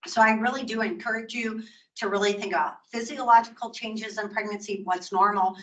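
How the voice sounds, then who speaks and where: An older woman gives a nursing lecture in a chatty, teacherly way and now and then acts out a patient's words. Her voice is bright and clear. She sits some distance from the microphone. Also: medium pitch. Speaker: nursing educator. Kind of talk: recorded continuing-education lecture.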